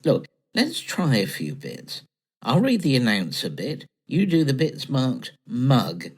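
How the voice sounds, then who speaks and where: A man's voice: mid-range voice, wildly swooping pitch, takes it slowly, darkish tone, breathy edge. A man performing scripted comedy dialogue, chatty, dry and earnest. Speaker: comedy co-host.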